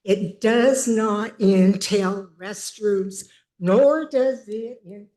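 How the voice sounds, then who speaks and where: A woman's voice: medium pitch, mellow. Upset older woman giving public comment. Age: 70s. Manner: upset, emphatic, halting. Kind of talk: public comment at a council meeting. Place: city council chamber.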